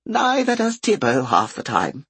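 A man reading an audiobook and voicing a tiny, brisk, motherly woman who runs an inn kitchen, speaking slowly and softly with a breathy edge. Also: medium pitch, wildly swooping pitch, dry recording, pitched above the performer's own voice, exaggerated voice. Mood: brisk kindly.

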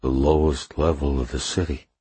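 A male narrator voicing a calm FBI agent who speaks in a measured, deliberately casual way. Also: very deep voice, husky, full character voice.

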